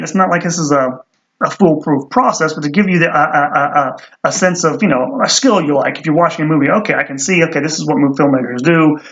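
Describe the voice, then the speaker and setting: Male history lecturer, a bit high-pitched, loose and rambling, wry, muffled recording. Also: a bit bright. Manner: rambling, many fillers and restarts; wry asides.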